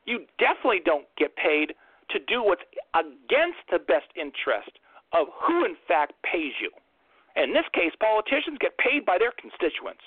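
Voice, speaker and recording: A man's voice: high voice, big pitch swings, moderate pace, husky, no room sound. A man hosting an impassioned political monologue, ranting fiercely and firing off rhetorical questions, over a tinny phone-like line. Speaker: host.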